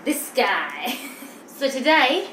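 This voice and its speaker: A young British vlogger chats while eating in a mukbang video, giggly and a little out of breath. Her high voice is fairly bright, swings widely in pitch, and draws out words. The room is echoey with background noise.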